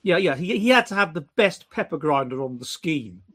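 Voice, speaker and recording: A man with a high, bright, forceful voice, talking animatedly in a casual chat. He stumbles and restarts his sentences often. His tone turns mocking as he goes. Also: sing-song, brisk. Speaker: podcast co-host.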